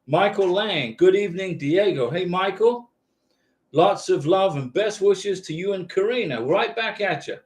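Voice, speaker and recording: High-voiced man hosting a visa live chat. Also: expressive, measured pace. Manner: casual, reassuring, repeats "okay?". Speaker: visa advice host. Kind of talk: live-stream Q&A reading chat. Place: home YouTube studio with lights.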